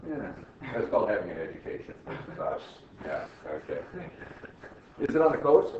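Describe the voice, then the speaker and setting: A man's voice: lowish voice, sing-song, moderate pace, a little mellow. A man teaching accounting to a class, peppering students with "right?" questions and wry teasing jokes. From United States. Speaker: accounting instructor. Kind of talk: classroom lecture. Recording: echoey classroom from far off, muffled, faint hiss.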